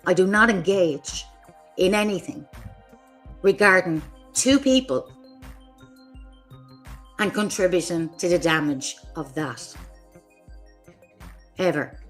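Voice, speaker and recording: A woman's voice: fairly low pitch, takes it slowly, pauses often, soft background music. A woman hosting her own livestream, delivering an angry, profane, confrontational rant at other creators. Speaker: streamer host.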